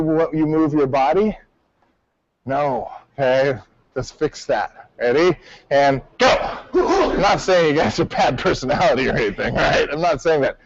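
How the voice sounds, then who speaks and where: A martial arts instructor leads a class in a high-pitched male voice, barking out commands and drill counts. The sound is dry and slightly muffled, with no room echo. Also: a little slow.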